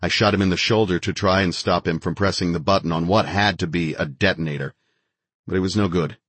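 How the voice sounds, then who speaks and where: A man's voice: low voice, steady tone, brisk, a bit bright, dry recording. A man narrating a first-person action thriller with a terse, driving delivery. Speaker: audiobook narrator.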